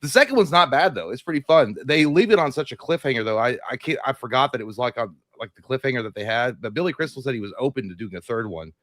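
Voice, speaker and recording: Man, movie show co-host, casual chat, fast talker, dry sound, animated storyteller. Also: mid-range voice, no echo. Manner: excited storyteller, acts out quotes.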